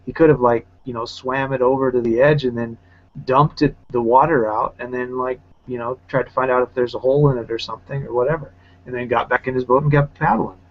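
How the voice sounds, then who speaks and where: A man's voice: medium pitch, fairly even intonation, a little fast. A man who teaches, chatting casually on an online call and telling loose, rambling stories full of fillers. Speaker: teacher and round table panelist. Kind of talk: casual chat. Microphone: video call. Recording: slightly muffled online call audio.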